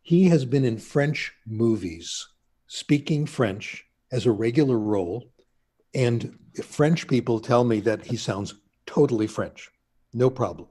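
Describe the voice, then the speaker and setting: A man's voice: mid-range voice, animated, a little slow, mellow, breathy edge. An older man, a linguist being interviewed, telling anecdotes in a chatty, casual way. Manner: chatty anecdotal storyteller, laughs at himself. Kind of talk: casual storytelling.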